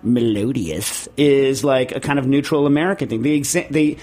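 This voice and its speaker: A man hosting a podcast in casual chat, rambling with lots of fillers and jumping to high excited outbursts. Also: normal speed. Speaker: podcast host.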